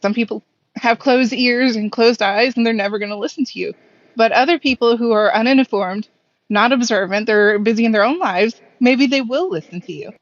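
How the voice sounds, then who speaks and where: A woman calling in to a live stream, giving earnest advice in quick bursts. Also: fairly high pitch, no echo. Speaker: caller. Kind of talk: call-in advice. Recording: dull, dry call-in line.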